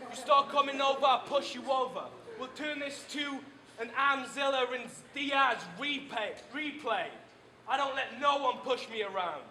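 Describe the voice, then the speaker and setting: A man's voice: very high-pitched, unhurried. A man delivering a live battle rap with taunting insults at an event venue. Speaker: battle rapper. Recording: echoey room, loud crowd noise.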